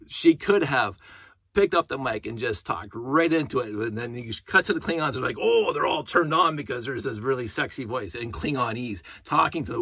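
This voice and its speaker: A man's voice: mid-range voice, lively intonation, brisk, bright, forceful tone, breathy edge, no room sound, clean studio sound. A middle-aged man talking in a casual, rambling monologue, going off on tangents and humming to himself. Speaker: hobbyist vlogger.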